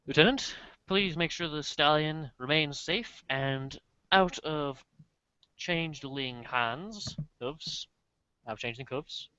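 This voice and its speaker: A man's voice: a little high, slow, pushed and bright, clear, resonant tone, dry recording, lo-fi sound. A man voicing a stern, formal pony princess giving orders in a tabletop role-play. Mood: commanding. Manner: formal, commanding.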